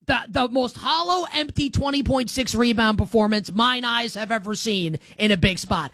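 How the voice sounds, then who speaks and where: A man's voice: extremely high pitch, normal speed, few pauses, fairly bright tone, no room sound. A man hosting a sports talk show, giving opinionated commentary in an emphatic, sarcastic way.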